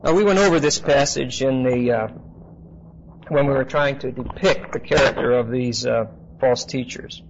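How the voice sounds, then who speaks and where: A man preaching an expository Bible teaching, measured and emphatic, often pausing with "uh" and checking in with "okay?". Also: medium pitch. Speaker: pastor. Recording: slightly dull lo-fi sound with faint noise.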